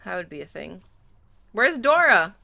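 A woman's voice: mid-range voice, very animated, measured pace, creaky, pushed and bright, no room sound. A young woman streaming a video game, chatty and giggly as she reacts to her chat. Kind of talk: live gameplay commentary.

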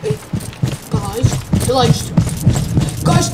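This gaming streamer speaks slowly in a high voice with lively intonation and vocal fry while commenting live on a horror game. Easily spooked, she exclaims often, and the recording has noticeable background noise.

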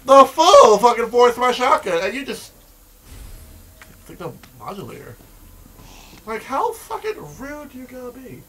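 A man recording let's-play commentary, profane and excitable, with shouting outbursts and repetitive rants. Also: very high voice, normal speed, pauses often, slight background noise. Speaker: gaming video host.

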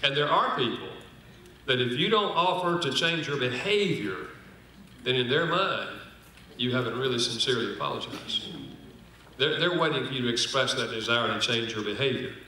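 An animated, sharp-toned older man with a medium-pitched voice speaks at normal speed, slight background noise behind him. He teaches sermon-style at a conference, weaving anecdotes, acting out quoted lines, and joking with the audience. The hall sounds roomy through a distant mic.

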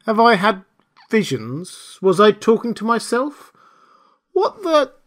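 A man voicing a coarse, excitable male tramp who yelps his rustic exclamations in a high, strained voice. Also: takes it slowly, exaggerated voice. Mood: bewildered.

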